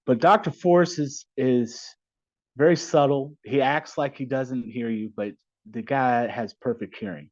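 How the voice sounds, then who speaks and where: A middle-aged man, a maritime attorney and podcast guest, telling blunt, animated stories in casual conversation. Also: mid-range voice, measured pace, dry recording. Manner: blunt, animated anecdote teller. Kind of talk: casual storytelling interview. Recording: dull, slightly lo-fi dry sound.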